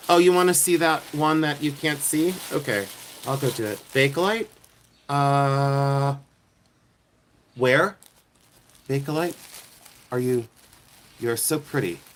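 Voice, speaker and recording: Outdoors after dark, this middle-aged man from the United States runs a laid-back live stream where he jokes at his own expense with viewers as a jewelry reseller. His voice sits at medium pitch with a fairly bright tone, over a little background noise.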